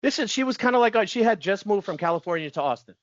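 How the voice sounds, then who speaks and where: A man in his forties telling his story as a podcast guest, chatty and quick to laugh, often restarting sentences. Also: sits high, lively intonation, no echo. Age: 40s. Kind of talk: casual storytelling interview. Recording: dull dry lo-fi audio.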